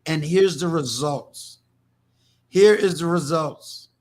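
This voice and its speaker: Taking it slowly, a fairly high-pitched older man from New York talks casually to his livestream viewers. His style is emphatic and preachy, and he tends to repeat words.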